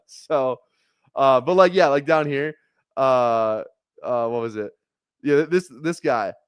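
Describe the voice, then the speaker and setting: On the same fantasy football draft stream, the man keeps rambling loosely with fillers, frequent laughs and the occasional swear word. This time his voice is mid-range, clean and slow, in a dry, clean studio recording.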